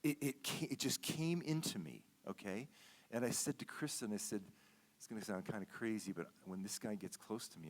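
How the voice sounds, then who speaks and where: A man's lowish voice moves at a moderate pace as he preaches as a guest in a church sanctuary. The sermon is a conversational personal story, marked by repeated words and regular "okay?" check-ins.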